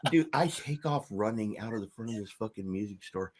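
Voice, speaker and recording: A man telling a profane, animated story on a casual podcast and acting out what people said. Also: lowish voice, brisk. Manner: profane, animated storyteller who acts out quotes. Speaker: podcast host.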